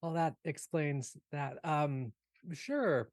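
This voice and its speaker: A man's voice: mid-range voice, expressive, normal speed, darkish tone, no room sound, clean studio sound. Man playing a tabletop role-play character. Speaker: player.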